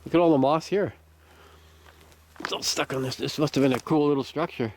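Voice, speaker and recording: A man's voice: fairly high pitch, brisk, darkish tone, a little hiss or hum. A Canadian man with a Canadian accent, chatting casually by a campfire in the woods and laughing often. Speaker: channel host. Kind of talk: casual outdoor chat.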